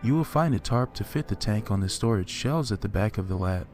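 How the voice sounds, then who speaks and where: A man voicing a cold, superior artificial male being kept in a tank, speaking in a calm, precise, faintly tinny way. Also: lowish voice, a little fast, faint music behind, natural voice. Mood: polite.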